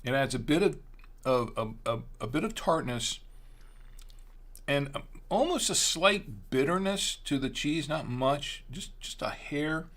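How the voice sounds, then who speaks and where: A middle-aged man hosting a wine tasting show, chatting casually and haltingly, sometimes talking while chewing. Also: a little high, lively intonation, fairly bright tone.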